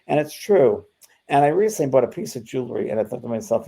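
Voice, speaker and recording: Gravelly low-toned man telling a story. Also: expressive, fast, mellow. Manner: storytelling with many restarts and fillers. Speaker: spiritual medium, co-host. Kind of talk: casual spiritual conversation.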